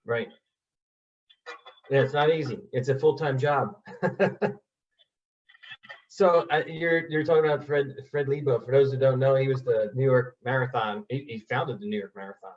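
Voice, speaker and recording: Brief: male host, casual interviewer, middle pitch, distant muffled line. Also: fairly even intonation, normal speed. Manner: conversational, asks follow-up questions. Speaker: podcast host.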